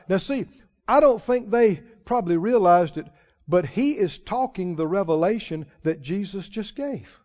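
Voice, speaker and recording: A man preaching a sermon as a pastor, animated, laughing often and calling out to the congregation. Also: sits high, moderate pace, highs cut off.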